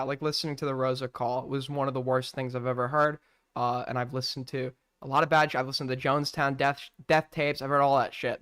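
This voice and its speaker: A man's voice: medium pitch, fairly bright tone, clear, resonant tone. A man hosting a live-stream call-in show, talking casually, hesitant with many fillers and restarts.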